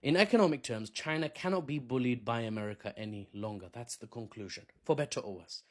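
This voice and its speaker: A man's voice: mid-range voice, expressive, fast talker. A man hosting a casual solo news commentary, jokey and chatty, who wanders into asides. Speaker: commentary host.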